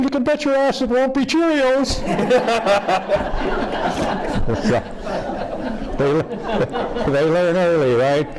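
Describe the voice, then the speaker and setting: A man's voice: mid-range voice, a little mellow, poor audio. An older man telling jokes in an interview, folksy and laughing at his own punchlines.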